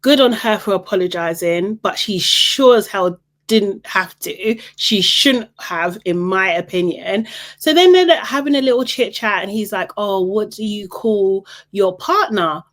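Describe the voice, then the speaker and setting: A woman hosting a casual reality TV recap, opinionated and exasperated, her voice leaping up high when she is incredulous. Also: unhurried, a bit bright.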